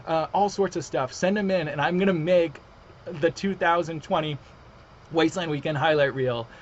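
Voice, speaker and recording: A man hosting a casual online livestream, chatty and excitable as he reads out viewer comments and announces winners. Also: a little high, normal speed, highs cut off, slight background noise. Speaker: livestream host.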